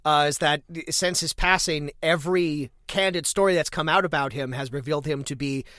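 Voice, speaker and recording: A man co-hosting a casual movie podcast, animated and quick to swing between excited highs and low asides. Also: dry recording, clean studio sound. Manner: quotes characters in put-on voices. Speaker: podcast co-host. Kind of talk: casual movie-review chat.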